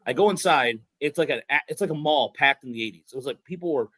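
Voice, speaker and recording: A man chatting on a sports podcast, his voice close and dry with no room sound. He wanders through stories full of restarts and gets animated when something excites him. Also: medium pitch, fast, no echo, low-quality recording. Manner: rambling, many restarts and fillers, excited storytelling. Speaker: podcast host. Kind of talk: casual sports podcast chat.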